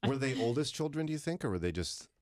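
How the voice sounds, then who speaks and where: A man's voice: mid-range voice, lively intonation, quick pace, a little mellow. A man hosting a morning radio talk show, chatting casually and telling stories with dry, self-deprecating humor. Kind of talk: casual studio chat.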